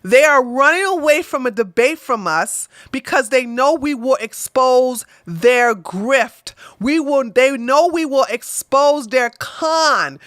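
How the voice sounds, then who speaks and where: Loud, combative high-pitched woman ranting. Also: dry recording, studio quality. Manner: combative, profane, swings between loud bursts and mutters. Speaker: political livestream host. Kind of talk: ranting political livestream commentary.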